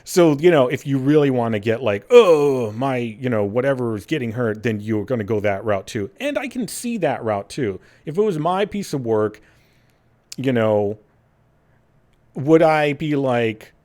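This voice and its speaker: Animated man chatting on a gaming podcast. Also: mid-range voice, a little slow. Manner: animated, laughs often, acts out quotes in silly voices. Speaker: podcast host. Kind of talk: casual chat.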